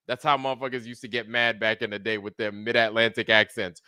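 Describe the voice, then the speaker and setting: Man, live-stream host, casual slangy roll call, bright tone, dry close sound. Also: lowish voice, level tone, quick pace, hardly any pauses, smooth, no room sound. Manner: loose, slangy, swears casually; greets viewers by name one after another. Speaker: livestream host.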